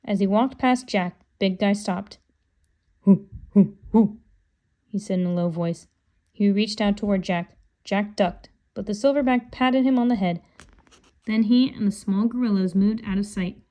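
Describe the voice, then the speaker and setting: Calm woman reading a children's book. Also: medium pitch, moderate pace. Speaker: storybook reader.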